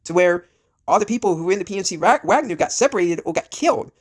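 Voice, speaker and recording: A man's voice: high-pitched, animated, fast. A man who is sick and coughing, ranting in casual commentary. He rambles bluntly, with lots of fillers and swearing. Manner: rambling, full of fillers and restarts, blunt and profane. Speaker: vlogger.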